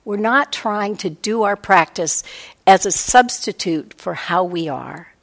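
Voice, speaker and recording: Slow, reflective woman giving a dharma talk. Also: mid-range voice. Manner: reflective, unhurried, quotes her own inner voice. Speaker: meditation teacher. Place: meditation hall.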